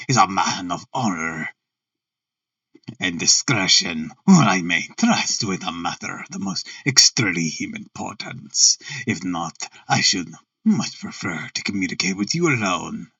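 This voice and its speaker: A deep, harsh masked nobleman with a heavy German accent, speaking slowly and stiffly, as a male reader puts him on. He sounds gruff and lowered in pitch, and the audio is dull and a little distant. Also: big pitch swings, sharp tone, no echo, heavily acted. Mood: formal.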